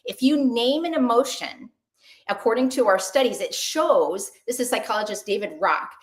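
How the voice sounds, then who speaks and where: Lively woman doctor on a video call. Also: fairly high pitch, moderate pace. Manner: lively, conversational, asks the audience questions. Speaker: doctor giving a health talk. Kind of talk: online webinar presentation.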